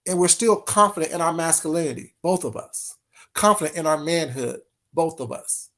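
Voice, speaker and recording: A livestream host with a slightly high, fairly bright voice talks at a normal speed. He addresses his chat directly in a casual stream, getting heated and repeating phrases.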